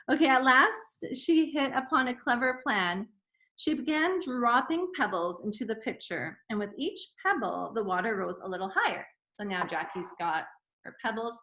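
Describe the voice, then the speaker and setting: A woman teacher reading a fable to children and chatting gently in between, calling them friends. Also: fairly high pitch, animated, moderate pace. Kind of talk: storytime reading and chat. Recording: echoey room.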